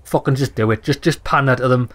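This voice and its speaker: A man's voice: medium pitch, quick pace, fairly bright tone. A young man doing let's play commentary, blunt and sweary, reading game text aloud and reacting. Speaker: gaming YouTuber.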